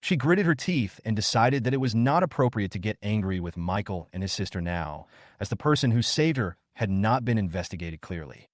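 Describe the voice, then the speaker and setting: Lively male story narrator. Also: fairly low pitch, brisk, no echo, clean studio sound. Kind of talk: scripted narration.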